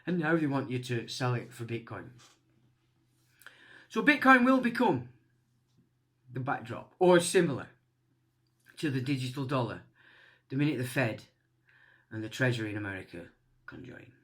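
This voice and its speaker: A man's voice: medium pitch, very animated, normal speed, pauses often, a bit bright. A man hosting his channel, giving a casual opinion monologue in a blunt, swearing, ranting manner. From England. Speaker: channel host.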